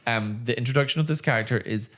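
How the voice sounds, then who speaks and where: A man co-hosting a podcast, recapping a TV episode in casual, animated chat, swearing and laughing along. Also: medium pitch, quick pace. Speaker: podcast co-host.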